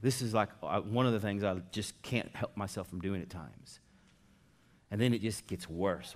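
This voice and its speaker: A man preaching a sermon as pastor in a conversational style, dropping to soft asides and rising to loud emphatic stretches. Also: medium pitch, animated, moderate pace.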